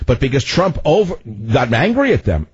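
An older man hosting political talk radio, ranting in a loud, commanding voice. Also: medium pitch, sing-song, normal speed, no echo. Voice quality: husky. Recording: dull lo-fi radio broadcast.

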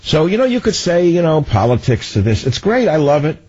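An older man hosting political talk radio, ranting in a loud, commanding voice. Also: fairly high pitch, very animated, a little fast, no echo. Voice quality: husky. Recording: dull lo-fi radio broadcast.

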